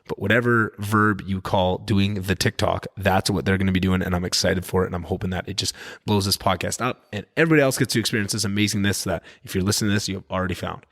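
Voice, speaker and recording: Rambling podcast host, low voice. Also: male voice, fast, few pauses, no echo, studio quality. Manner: rambling, animated, swears freely. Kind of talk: casual podcast chat.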